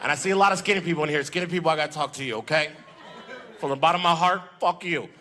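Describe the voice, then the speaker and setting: A man's voice: fairly high pitch, very fast, noisy background. A man doing a stand-up comedy set, brash and profane, teasing the crowd.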